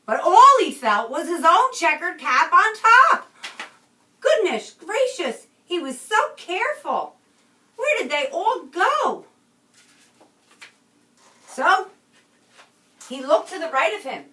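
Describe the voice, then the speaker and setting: A woman teacher reading a picture book aloud to a class with expression, pausing often to ask the children questions, recorded in a roomy space from a distance. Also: very high voice, very animated, pushed and bright.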